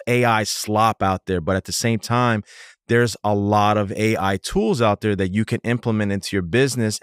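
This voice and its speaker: A man's voice: lowish voice, no echo. A man hosting a branding podcast in a studio, talking in a rambling, emphatic way with many digressions. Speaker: podcast host, branding consultant. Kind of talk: casual podcast conversation.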